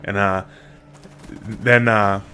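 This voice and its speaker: A man's voice: on the low side, fairly even intonation, very slow, sharp tone, slight background noise. A man casually telling a rambling story to camera, full of fillers, restarts and swearing. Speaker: single father vlogger.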